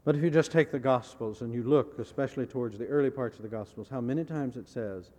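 A man preaching in a measured, deliberate way, returning to his key phrases to drive them home. His voice sits at an ordinary middle pitch, and it carries a long reverb as if from a large church hall. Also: darkish tone. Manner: asks the audience rhetorical questions. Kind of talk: sermon.

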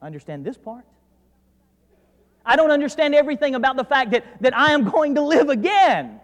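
A man with a North Georgia accent preaching a sermon as pastor, dropping to quiet asides and then rising to loud, emphatic declarations. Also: very high-pitched, big pitch swings, brisk. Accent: North Georgia Southern US. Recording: preached in a reverberant hall.

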